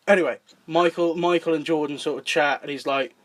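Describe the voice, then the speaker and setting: A man's voice: fairly high pitch, fairly quick, hardly any pauses. Sweary laughing Englishman reading his script. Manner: sweary, laughs often, acts out lines. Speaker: podcast host and writer. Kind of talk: casual chat, reading a script outline.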